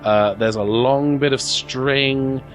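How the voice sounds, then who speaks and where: A man's voice: medium pitch, steady tone, takes it slowly, soft background music. Hesitant man running a tabletop game. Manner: hesitant, full of ums and restarts while describing. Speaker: game master. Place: studio, recorded in a game shop.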